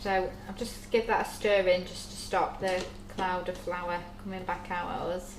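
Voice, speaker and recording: A woman's voice: lowish voice, level tone, moderate pace, slight background noise. Woman explaining a bake, echoey kitchen. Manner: chatty step-by-step explaining while working. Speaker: baker demonstrating recipes. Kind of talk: live cooking demonstration. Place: shop's demo kitchen. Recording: echoey kitchen with clattering dishes.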